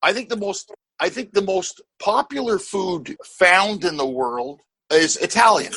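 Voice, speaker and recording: High, husky middle-aged host, dry sound. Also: male voice, a little slow, dry recording, low-quality recording. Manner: animated, rambling talker who swears and laughs. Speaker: podcast host. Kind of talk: casual podcast conversation.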